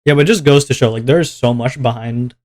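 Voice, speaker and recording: This male streamer, medium in pitch and fast in delivery, draws as he chats loosely with viewers. Expect meandering talk, self-mockery, and plenty of laughs.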